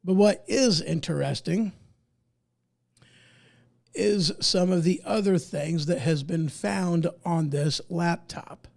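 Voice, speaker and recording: Guy losing his voice ranting on his podcast, high-ish and gravelly, folksy and fired up. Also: slow pace. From United States. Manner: emphatic, indignant, folksy. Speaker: podcast host. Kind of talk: opinion commentary, reading articles aloud.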